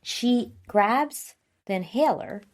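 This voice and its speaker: A woman's voice: on the high side, lively intonation, slow. A woman co-hosting a podcast, recapping a TV episode in casual chat and acting out scenes with little voices and sounds. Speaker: podcast co-host.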